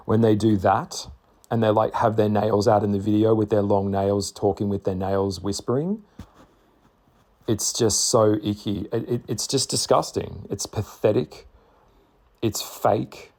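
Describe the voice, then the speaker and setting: A man talking bluntly to camera in a casual monologue, swearing freely and stressing his points with slow, repeated words. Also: on the low side, a little mellow. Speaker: spiritual vlogger.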